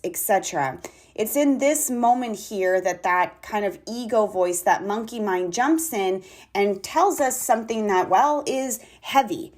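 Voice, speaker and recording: A woman artist leading a guided talk on gratitude, calm and deliberate, spelling key words out letter by letter. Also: medium pitch.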